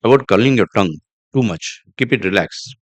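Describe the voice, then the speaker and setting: Deep-voiced man teaching pronunciation. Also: expressive, no room sound. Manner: slow, repeats example words aloud. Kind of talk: podcast accent lesson.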